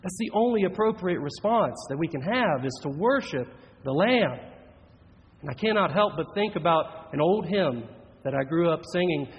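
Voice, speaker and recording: A man preaching a sermon in an earnest, measured way, slowing down for emphatic phrases. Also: a little high, lively intonation, slightly rough. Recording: dull audio with long reverb in a large hall.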